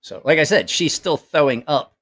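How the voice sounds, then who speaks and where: This middle-aged livestream host has a fairly high, husky voice and talks at a normal speed. Broadcasting to a live audience from home with family nearby, he chats casually and tells rambling stories. He's animated, swears heavily, and laughs a lot.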